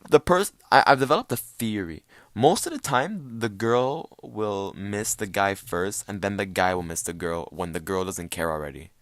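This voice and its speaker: A man's voice: lowish voice, no room sound. A young man hosting a solo podcast, rambling and swearing as he acts out little quoted voices. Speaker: podcast host. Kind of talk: casual solo podcast rant.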